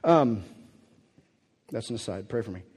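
A man preaching a sermon as a pastor, animated and acting out the voices of the people in his story. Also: fairly low pitch, unhurried, breathy edge. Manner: animated, acts out quoted voices. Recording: long reverb of a hall.

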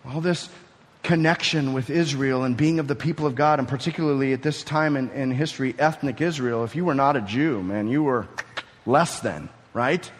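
Preaching man in a reverberant hall. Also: moderate pace. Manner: teaching, building to emphatic high peaks. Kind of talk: sermon.

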